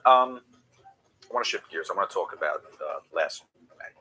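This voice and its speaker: A man's voice: sits low, lively intonation, moderate pace, sharp tone, breathy edge, low-quality recording. A man hosting an interview, dropping in brief interjections and direct questions. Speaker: interviewer, host. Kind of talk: casual interview chat.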